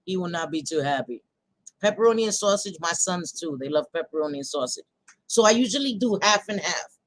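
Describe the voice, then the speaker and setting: A woman's voice: lowish voice, lively intonation, brisk, no room sound, rough recording. Blunt, chatty woman on a live chat. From New York. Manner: chatty, blunt, laughs often, swears casually. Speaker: livestream host chatting with viewers. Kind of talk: casual live chat reading comments.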